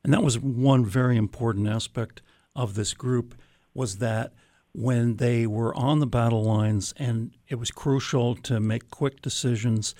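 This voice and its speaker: A male radio host adds a calm point to the conversation in a measured, explanatory way. His voice sounds dry and close, with a mid-range pitch. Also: no echo. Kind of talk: radio interview.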